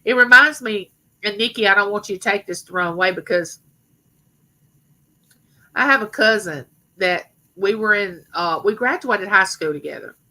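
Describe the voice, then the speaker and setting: Middle-aged lady rambling on her live stream, rough but bright voice, talks right to the viewers. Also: mid-range voice, low-quality recording. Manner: rambling, chatty, addresses viewers directly. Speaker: livestream host. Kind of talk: casual live stream chat.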